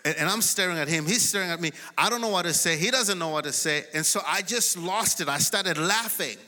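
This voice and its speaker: Pastor, male, bright and forceful, preaching in a big echoing sanctuary, peaks into shouts. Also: high voice, fairly quick, slight background noise. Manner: builds to shouted declarations. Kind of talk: sermon. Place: large church sanctuary. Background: congregation responding.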